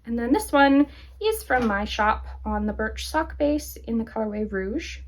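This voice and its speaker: A woman's voice: a little high, animated, unhurried. A woman hosting a knitting podcast, chatting casually and enthusiastically as she shows her projects, laughing often. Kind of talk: casual show-and-tell chat.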